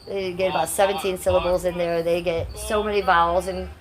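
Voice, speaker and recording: A woman's voice: lowish voice, little pitch movement, brisk, crowd noise. A woman hosting a casual livestream, reading chat comments aloud in a brash, crude and playful way. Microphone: phone.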